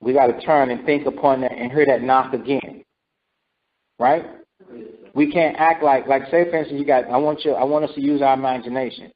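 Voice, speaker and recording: A man's voice: medium pitch, fairly even intonation, a little fast. A man teaching scripture in a sermon, repeating himself and asking "right?" and "okay?" as he goes. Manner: repetitive, calls for responses with "right?" and "okay?". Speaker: teacher leading scripture study. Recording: dull lo-fi recording.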